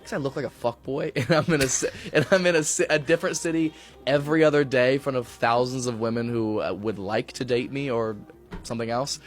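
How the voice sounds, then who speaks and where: Man, comedian, candid relaxed talk, casual swearing, clear music in the background. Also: medium pitch, fairly quick. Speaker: stand-up comedian. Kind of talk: interview and stand-up set. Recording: music playing behind.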